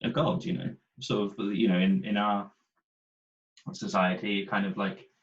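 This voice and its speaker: A man co-hosting a podcast in casual chat, agreeable and quick to chime in. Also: fairly low pitch, flat delivery, highs cut off. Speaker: podcast co-host.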